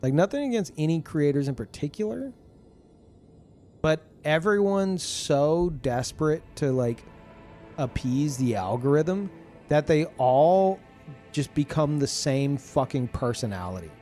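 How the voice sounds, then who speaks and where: Faint music sits behind this fairly high-pitched male voice, which runs a little slow. He's a young gamer on a live stream, delivering an animated, foul-mouthed rant packed with fillers.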